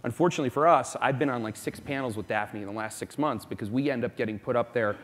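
A man from South Florida speaking as a company executive on a conference panel, emphatic and quick to make his point. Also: medium pitch, a little hiss or hum. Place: conference hall. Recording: long reverb of a conference hall.

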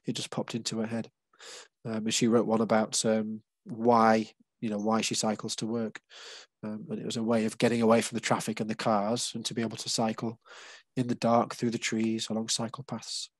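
A man's voice: lowish voice, monotone, brisk, no room sound. An English man leading a casual group session, explaining patiently with many fillers and restarts. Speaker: workshop leader.

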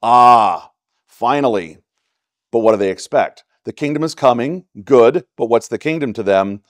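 A man's voice: medium pitch, lively intonation, moderate pace, no echo, clean studio sound. A man with a Texan accent teaching a church Bible study in a conversational way, often checking in with "right?". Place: church classroom.

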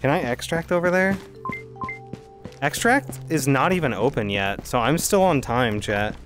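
A male streamer talks his audience through a run in an easy, middle-pitched voice, thinking aloud as he goes. Faint music plays behind him. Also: expressive, measured pace, a bit bright. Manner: chatty, thinking aloud while playing. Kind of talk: live gameplay commentary to chat.

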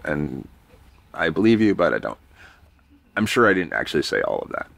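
A man's voice: low voice, lively intonation, normal speed, creaky, a bit bright, dry recording. A man from New York, a podcast guest, telling a rambling, self-deprecating story in a casual, swearing way.

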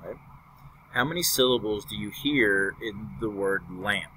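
A man's voice: on the low side, moderate pace, sharp tone, a little hiss or hum. A young man teaching a recorded fourth-grade lesson, upbeat and patiently explaining step by step.

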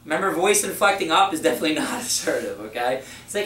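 A man's voice: a little high, fast talker, hardly any pauses, slight background noise. A man running a sales training session for a room of new reps, acting out short example dialogues as he teaches. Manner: energetic, uses acted example dialogues. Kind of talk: classroom sales training talk. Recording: echoey room, mic far off.

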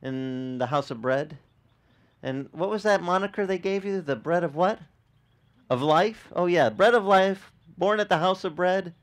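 A man, a pastor, giving a conversational sermon, animated and quizzing the congregation, often repeating words as he restarts. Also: sits high, normal speed. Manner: animated, asks the congregation questions.

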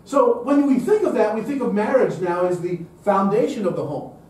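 A man's voice: sits high, animated, normal speed, darkish tone, heavy reverb, far from the mic, low-quality recording. A man giving an emphatic lecture-style talk at a public event, posing rhetorical questions to the audience.

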